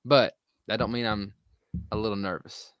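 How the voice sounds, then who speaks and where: A man's voice: on the low side, fairly even intonation, moderate pace, fairly bright tone, clean tone, no room sound, clean studio sound. A man co-hosting a sports podcast, talking in an earnest, rambling way. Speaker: podcast co-host. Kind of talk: casual sports chat.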